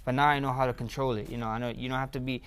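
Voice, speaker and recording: A young man telling stories in a casual interview. He rambles and repeats himself, and he often jumps up in pitch and volume when he gets excited. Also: very fast, clear, resonant tone. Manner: rambling, repeats words, grows excited and loud. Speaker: interview guest, fighter.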